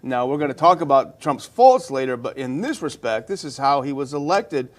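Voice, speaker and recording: A man's voice: medium pitch, lively intonation. A man co-hosting a casual political discussion, conversational and agreeable. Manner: conversational, agreeable, quick asides. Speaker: podcast co-host.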